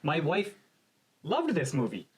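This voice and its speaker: A man's voice: a little high, wildly swooping pitch, unhurried, husky. A married man co-hosting a casual movie review chat, telling stories with dry teasing humor. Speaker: podcast co-host.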